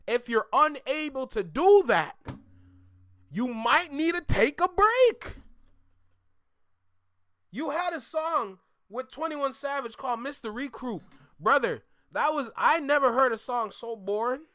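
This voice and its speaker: A man's voice: very high voice, animated, unhurried, pushed and bright, dry recording, clean studio sound. A man from Toronto hosting a reaction video, ranting bluntly and repeating his points for emphasis. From Toronto, Canada.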